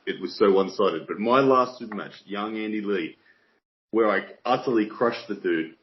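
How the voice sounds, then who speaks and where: A man's voice: on the low side, moderate pace. A man talking as a podcast guest, earnest and reflective. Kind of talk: casual chat. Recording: muffled lo-fi call.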